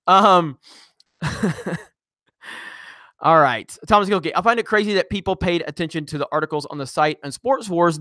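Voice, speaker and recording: A man's voice: high voice, fairly bright tone, no echo, clean studio sound. Blunt, profane male streamer. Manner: blunt, profane, rambling with many restarts. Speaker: YouTube channel host. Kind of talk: casual livestream chat reading comments.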